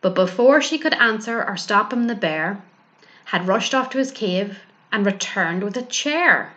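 Woman, storybook read-aloud, slow rhyming delivery, mid pitch. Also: expressive, a bit bright. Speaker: librarian.

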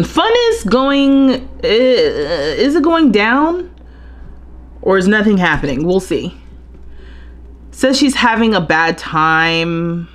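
A young woman streaming a life-simulation game live, chatting and thinking aloud as she plays. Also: mid-range voice. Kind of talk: live gameplay commentary.

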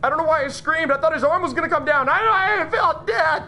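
A woman's voice: sits high, fast talker, pushed and bright. A woman giving jumpy, panicky horror game commentary, yelping and talking to herself. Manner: jumpy, panicky, yelps and exclaims, talks to herself. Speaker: gameplay commentator.

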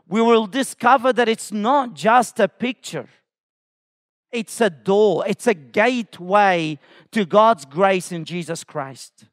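A man with a strikingly high voice preaches slowly and deliberately, leaning hard on each phrase. His sermon turns impassioned and climbs to shouts as he calls out. The sound is dry and close. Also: no echo. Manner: impassioned preaching, rising to shouts when voicing God's call. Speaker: pastor.

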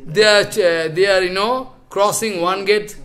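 A man teaching a scripture class, retelling a story in halting, repetitive, non-native English. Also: sits high, fairly bright tone. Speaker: scripture lecturer.

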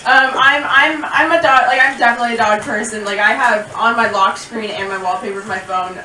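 A woman's voice: fairly high pitch, brisk. Rambling American woman comedian, distant and echoey. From Seattle, USA. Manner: rambling, self-deprecating, many filler likes and restarts. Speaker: stand-up comedian. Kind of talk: stand-up comedy set. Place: comedy club with laughing audience. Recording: echoey club taped from far off, loud noise.

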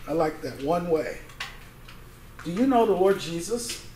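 A man with a fairly high voice leads a Bible sermon in a conversational way. He reads scripture aloud and pauses for the congregation to call out the missing words. The sound is roomy, with a faint hiss underneath. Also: animated, darkish tone. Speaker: pastor. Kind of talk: interactive Bible teaching sermon. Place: church sanctuary. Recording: echoey church room, faint noise.

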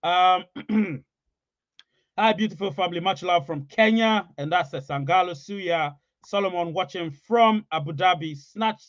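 A man with a fairly high voice hosts a live stream, talking straight to his viewers and hammering points home by saying them again and again. The sound is dry and close, with a slightly dull, muffled tone. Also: a bit bright, dry recording. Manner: emphatic, repeats phrases for emphasis. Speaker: livestream host. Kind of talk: casual live chat, reading comments.

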